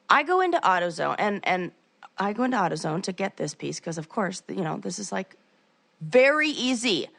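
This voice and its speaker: A woman in her forties co-hosting a podcast, telling a story in a ranting, animated way and acting out the quotes. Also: mid-range voice, fairly quick, creaky. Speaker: podcast co-host. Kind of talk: casual chat.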